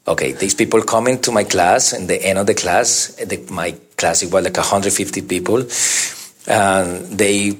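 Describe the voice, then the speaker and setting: A man's voice: sits low, slightly rough. Man telling his story in broken English. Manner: halting, broken English with restarts; lively, acts out the voices of people in his stories. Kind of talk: casual storytelling interview.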